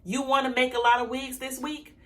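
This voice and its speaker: Young woman vlogger, motivational to camera, bright forceful tone, preachy, repeats affirmations. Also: high-pitched, level tone. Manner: emphatic, repeats affirmations slowly; preachy and direct, ends points with "okay?". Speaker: vlogger teaching a hair business.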